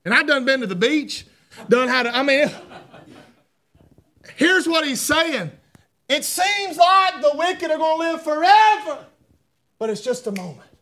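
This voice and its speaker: A middle-aged man preaching a sermon, fervent, swinging between loud shouts and hushed asides. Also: very high-pitched, measured pace, pauses often.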